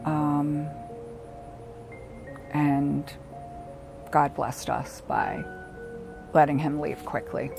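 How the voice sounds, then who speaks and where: A middle-aged woman, a bereaved mother, telling her story in a halting, reflective way with pauses. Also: deep voice, steady tone, gravelly. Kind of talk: personal documentary testimony. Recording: music playing underneath. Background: soft background music.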